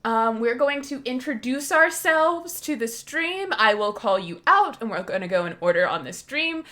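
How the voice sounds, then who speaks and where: Woman DM, chatty and brisk, jokes around, streamed game over video call. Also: fairly high pitch, animated, pushed and bright. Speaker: dungeon master. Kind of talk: running a tabletop game stream.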